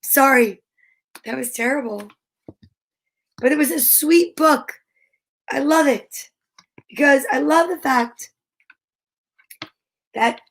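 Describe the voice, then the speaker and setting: A woman reads a children's picture book aloud in a high voice, taking it slowly. She coos and half-sings the lines with playful affection. Her voice sounds a bit rough this morning. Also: a bit bright. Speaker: storyteller reading picture books.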